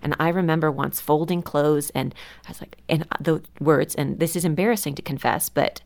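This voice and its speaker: A woman with a low, gravelly voice, speaking candidly in casual conversation. She tells animated stories as a mother on a parenting chat show. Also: moderate pace.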